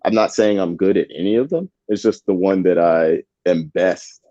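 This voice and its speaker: A man's voice: deep voice, normal speed, mellow, dry recording, highs cut off. A man co-hosting a live match watchalong, chatting casually with slang and frequent laughs. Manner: laid-back, laughs often, slangy. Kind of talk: casual live-stream chat.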